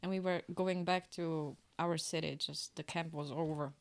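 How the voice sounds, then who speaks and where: A woman co-hosting a podcast, telling a story in casual chat with a lively manner and frequent laughter. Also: low-pitched, moderate pace. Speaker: podcast co-host.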